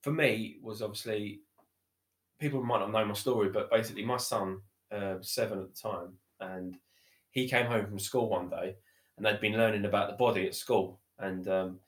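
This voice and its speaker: A man's voice: fairly low pitch, steady tone, moderate pace. A man, a podcast guest telling his story in a chatty, rambling way with many fillers. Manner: chatty, repeats himself, many fillers like "you know" and "literally". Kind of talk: casual conversational storytelling. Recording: roomy echo.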